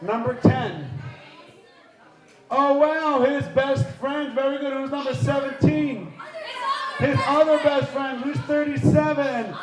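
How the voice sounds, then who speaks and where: A man hosting a live quiz game at a party, energetic and playful, shouting out countdowns to the crowd. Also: extremely high pitch, takes it slowly. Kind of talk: lively live event hosting. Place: large indoor party hall. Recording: echoey hall with music and crowd.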